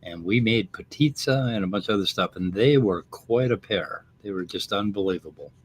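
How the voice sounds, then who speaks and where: A man's voice: on the low side, moderate pace, slight background noise. A man co-hosting a casual chat show, rambling and a bit profane as he tells stories. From Minnesota, USA. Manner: rambling, profane, animated storytelling. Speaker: podcast co-host.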